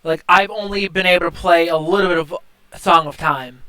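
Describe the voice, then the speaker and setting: A young man hosting a live stream in a laid-back, chatty way. His voice is bright and forward, very clean and resonant, and sits a little high for a man. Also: fairly even intonation, normal speed, smooth, poor audio. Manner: laid-back, short agreeing replies. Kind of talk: casual live-stream chat.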